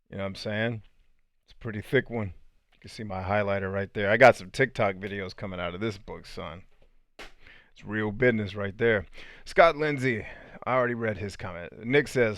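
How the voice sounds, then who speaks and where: Chill guy on a livestream reading comments, slangy, keeps clearing his throat, kinda low voice, dead dry sound. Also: moderate pace, pauses often, a bit bright, no room sound. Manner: laid-back, slangy, clears throat often. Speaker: livestream host answering viewer comments. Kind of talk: casual livestream chat.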